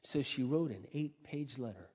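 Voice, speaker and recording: In muffled, lo-fi audio echoing with a big hall's long reverb, a middle-aged preacher weaves earnest personal stories into a sermon. His ordinary-pitched voice is expressive and somewhat dark in tone, and he clears his throat frequently.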